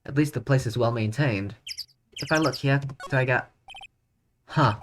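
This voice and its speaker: A woman's voice: rumbling low, normal speed, background noise. A woman streamer talking casually over a game, musing aloud with wry remarks.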